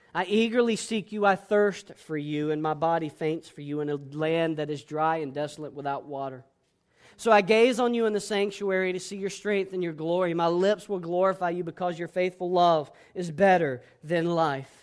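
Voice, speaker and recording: A man preaching a sermon as pastor, boisterous and emphatic, swinging between loud declarations and hushed, soft passages. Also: a little high, normal speed, smooth.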